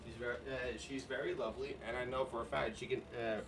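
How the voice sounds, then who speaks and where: A man's voice: mid-range voice, little pitch movement, a little fast, distant mic. A man chatting casually with his partner during her art stream, easygoing and teasing. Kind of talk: casual chat.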